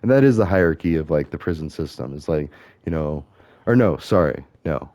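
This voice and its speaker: A middle-aged man rambles through casual commentary while gaming, drifting between thoughts and catching himself mid-sentence. His voice sits low and mellow, recorded dry and close. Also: lively intonation, a little fast, no room sound. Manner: meandering, self-correcting, musing aloud. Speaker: gaming streamer.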